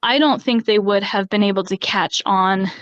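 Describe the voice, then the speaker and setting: A woman recounting her pregnancy experiences in an interview, candid and quick to laugh between phrases. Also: medium pitch, no echo. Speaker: podcast guest. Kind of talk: personal story in an interview. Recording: slightly dull dry sound.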